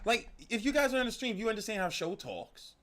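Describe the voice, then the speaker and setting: A man streaming a game, talking in animated, profane, rambling banter. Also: sits high, a little fast, a little hiss or hum. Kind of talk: casual gaming stream talk. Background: faint game music.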